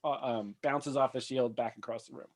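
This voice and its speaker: A man running a tabletop role-playing game as game master, narrating scenes in a relaxed way with fillers and frequent laughs. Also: medium pitch, moderate pace, a little hiss or hum. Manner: relaxed, laughs often, thinks aloud with fillers.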